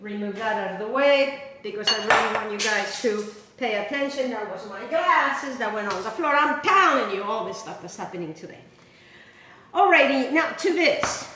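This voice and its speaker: A woman hosting a home cooking demonstration, chatty and exuberant, breaking into sudden high whoops as she works in her kitchen. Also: animated, moderate pace, echoey room, noisy background. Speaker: cooking show host.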